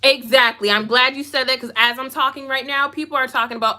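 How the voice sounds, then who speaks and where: Woman vlogger, lively commentary, bright forceful tone, slightly high, emphatic repeats. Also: moderate pace. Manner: self-described goofy. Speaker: YouTuber. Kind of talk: live commentary reading comments.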